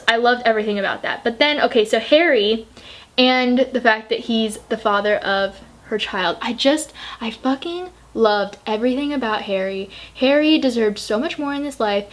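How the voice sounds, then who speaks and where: A woman's voice: fairly high pitch, a bit bright. A young woman talking casually as a book vlogger. She gushes emotionally and swears freely while doing her makeup. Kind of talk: casual book review chat.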